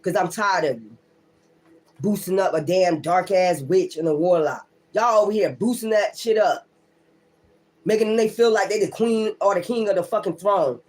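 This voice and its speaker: A woman's voice: medium pitch, normal speed, darkish tone. A woman tarot reader holding forth on a casual livestream, blunt and heavy with profanity. She talks with firm emphasis and circles back to the same defiant lines again and again. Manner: defiant, repeats her points.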